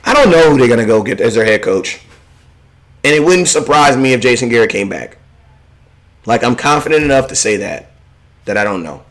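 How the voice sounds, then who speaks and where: A man's voice: medium pitch, fairly quick, long pauses. A young man hosting a live sports fan stream, talking casually in a rambling, slangy way and often repeating himself. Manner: rambling, animated, slangy, often repeats "you know what I'm saying".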